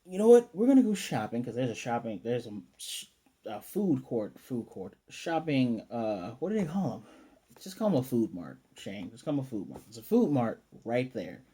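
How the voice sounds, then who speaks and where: A man's voice: mid-range voice, very animated, normal speed, dark tone, husky. An American man casually reviewing an anime episode, rambling with many fillers and self-corrections.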